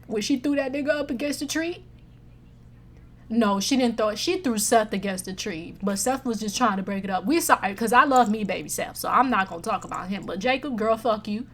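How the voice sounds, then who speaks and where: A woman reviewing movies in a casual chat, blunt, profane and animated as she rants. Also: a little high, moderate pace, slightly rough.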